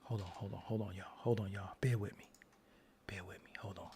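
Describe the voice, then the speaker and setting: A man's voice: on the low side, steady tone, brisk, mellow, a little hiss or hum. A man hosting his own show, doing livestream roast commentary in a mock-outraged, teasing way. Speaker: show host.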